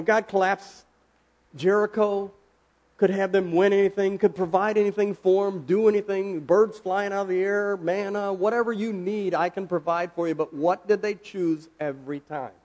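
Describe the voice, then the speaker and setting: A man's voice: high voice, a little mellow. Conversational man preaching a casual sermon. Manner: conversational, asks the audience questions, slows for emphasis.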